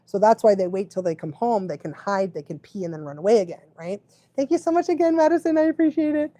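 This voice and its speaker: A woman's voice: mid-range voice, lively intonation, fast talker, dark tone, no room sound. Chatty woman dog trainer, dry sound. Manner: chatty, laughs often, keeps checking in with "right?". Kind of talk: casual live training Q&A.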